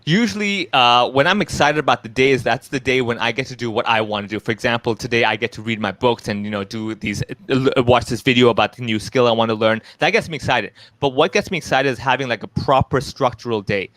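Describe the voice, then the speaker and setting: A man's voice: medium pitch, fast talker, few pauses, dry recording. A man from Hong Kong, a stand-up comedian, chatting casually in an interview and acting out voices in his stories. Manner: animated storyteller, acts out quoted voices.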